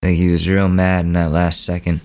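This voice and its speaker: A man hosting a podcast, telling a story in a relaxed, rambling, casual way. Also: low-pitched, moderate pace. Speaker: podcast host.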